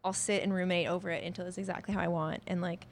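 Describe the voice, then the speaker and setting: A young woman talks at a brisk clip, words tumbling out in a chatty, unguarded way. She's a musician in casual interview conversation, often breaking into laughter. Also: lowish voice, fairly even intonation. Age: 20s. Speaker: musician guest.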